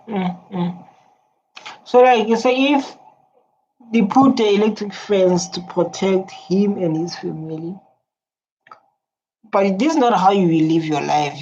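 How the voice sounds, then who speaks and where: Here a woman from South Africa reacts emotionally on video, her voice warm and on the low side. She talks earnestly, repeats herself, and hums along while listening, and the audio sounds dull and lo-fi with slight noise.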